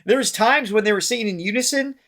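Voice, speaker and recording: A man co-hosting a casual reaction chat, talking in quick enthusiastic bursts that trail off. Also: high-pitched, fairly bright tone. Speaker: songwriter co-host.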